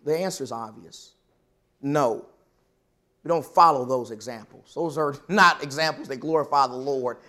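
A man preaching a Bible class lesson, reading scripture and asking questions, slowing down to stress key words. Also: mid-range voice, pushed and bright.

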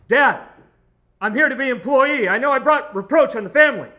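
Man acting out a humble pleading young son, high voice, lively. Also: fairly quick, heavily acted.

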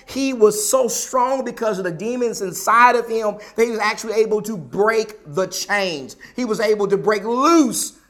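A man's voice: high voice, a bit bright. A preacher delivering a sermon, an emphatic man who repeats his phrases and asks the listeners rhetorical questions.

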